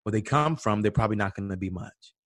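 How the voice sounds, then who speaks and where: A man from Atlanta, USA, appears as a guest, recounting a personal story in conversation and acting out the voices of people he quotes. His voice sits lowish and is expressive, moving at a quick pace. The studio-quality recording has no echo.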